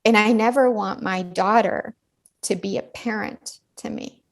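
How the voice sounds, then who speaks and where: A middle-aged woman with a textured, gravelly voice talks openly as a podcast guest. She is earnest and unpolished, doubling back on words as her thoughts tumble out, in a voice pitched at an ordinary level. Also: steady tone, a little slow. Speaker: dentist guest. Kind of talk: candid podcast conversation.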